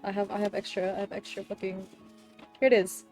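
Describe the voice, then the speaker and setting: A woman streamer hosting a book club, chatting casually, excitable and swearing freely. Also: medium pitch, a little fast, faint music behind. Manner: excitable, swears a lot, loud laughing outbursts. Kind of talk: casual chat.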